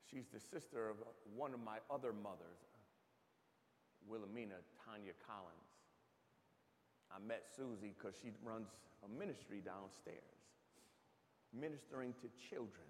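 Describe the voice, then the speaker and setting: A man's voice: fairly low pitch, unhurried, long pauses. A man in his fifties giving a personal testimony at a church gathering, telling stories animatedly and acting out the voices he quotes. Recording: long hall reverb, faint background noise.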